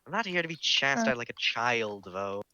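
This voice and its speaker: A man voicing a weary, defiant woman in a tabletop game, speaking quietly and flatly. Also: mid-range voice, moderate pace, no room sound, lo-fi sound. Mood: resigned.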